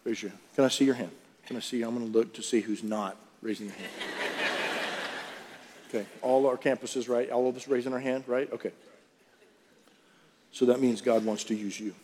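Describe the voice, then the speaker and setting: A man's voice: mid-range voice, a little mellow. Man preaching in a reverberant hall. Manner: conversational preaching, asks the room questions. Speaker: pastor. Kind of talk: sermon. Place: large church auditorium. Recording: reverberant hall with faint music.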